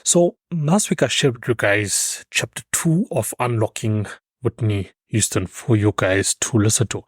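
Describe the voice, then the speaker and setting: A man's voice: on the low side, a little slow, breathy edge, no room sound. A man hosting his own podcast, talking loosely and emphatically with fillers and restarts. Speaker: podcast host. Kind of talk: solo podcast commentary.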